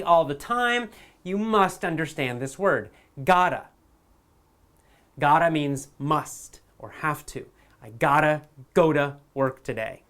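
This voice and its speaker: A man teaching spoken English, talking slowly and emphatically and repeating example phrases many times. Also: fairly high pitch, a bit bright.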